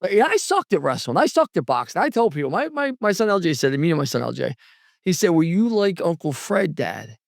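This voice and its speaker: Animated, storytelling podcast host man. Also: fast, vocal fry, no room sound, clean studio sound. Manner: animated storyteller, acts out quotes with pitch jumps. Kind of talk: casual podcast conversation.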